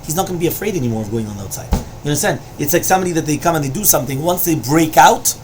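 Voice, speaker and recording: A man's voice: a little high, lively intonation, rapid-fire, darkish tone, faint music behind. A man teaching a Talmud lesson who explains each line and keeps checking with "right?" and "you understand?". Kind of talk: Talmud study lecture.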